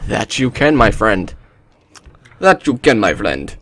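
A man putting on a clumsy fake accent, halting and stumbling over his words. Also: lowish voice, sing-song, a bit bright, breathy edge, full character voice. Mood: hammy.

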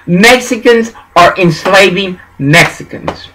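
A man's voice: high-pitched, big pitch swings, takes it slowly, background noise. A man from Texas, talking in a preachy, meandering monologue. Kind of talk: rambling monologue.

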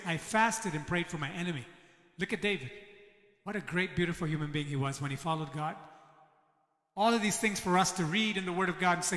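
Bright-voiced preacher in an echoey hall. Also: male voice, sits high, brisk. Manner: preaching with acted-out quotes of God and Jonah. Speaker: pastor. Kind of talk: sermon. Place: church.

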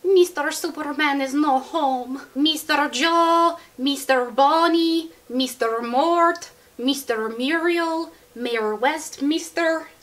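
A stubborn middle-aged cartoon housekeeper, as a young woman puts her on, dragging every word out slowly. The voice sits a touch higher than the woman's usual one, and it is delivered with deliberate, drawn-out insistence. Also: a bit bright.

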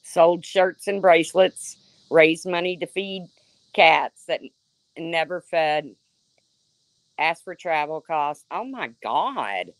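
On her livestream, a woman delivers a confrontational rant, mocking a rival with sarcasm and replying to viewers in her chat by name. Her voice sits low and expressive, and she takes her time. The recording is dry.

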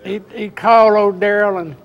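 A man with a notably high voice chimes in to correct a friend's tale, teasing him as he goes. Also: steady tone, normal speed, vocal fry, highs cut off. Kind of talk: casual storytelling among old racers.

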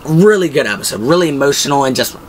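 A man's voice: medium pitch, animated, fast, a little hiss or hum, rough recording. A young man hosting a show, giving casual, enthusiastic fan commentary in a rambling way full of fillers. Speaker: pop-culture show host.

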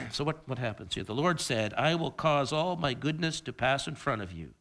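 A middle-aged male pastor preaching a sermon, animated and repeating words as he builds his point. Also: medium pitch, moderate pace, creaky.

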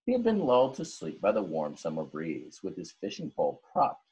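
Husky man reading a rhyming story. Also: low voice, moderate pace. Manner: expressive, sing-song read-aloud. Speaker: teacher.

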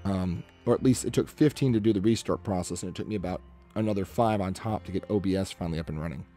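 A man's voice: deep voice, fast talker, mellow, faint music behind. A man chatting casually with his stream chat while he draws, rambling and muttering to himself as he works. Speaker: artist livestreaming a drawing session.

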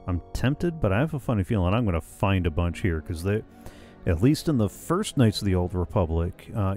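A man with a low voice hosts a let's-play, chatting casually over a video game. He thinks aloud in a relaxed, wry way as he decides what to do next. Faint game music runs underneath his talk. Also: vocal fry. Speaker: gaming let's-play host.

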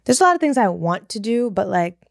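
A woman's voice: medium pitch, sing-song, a little fast, vocal fry, dry recording, clean studio sound. A young woman co-hosting a podcast, blunt and casual, swearing freely. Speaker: podcast co-host. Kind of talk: casual group chat.

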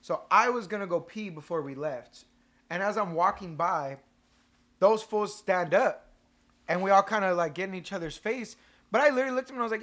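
A man's voice: high-pitched, a little fast. A young man on a casual podcast, telling a story with lots of swearing and acting out the other people's lines. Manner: animated storyteller, swears a lot, acts out quotes. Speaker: podcast co-host, band member.

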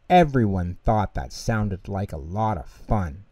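A man reading a children's bedtime story aloud as storyteller, calm and lilting. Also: fairly low pitch, a little slow, few pauses, no room sound.

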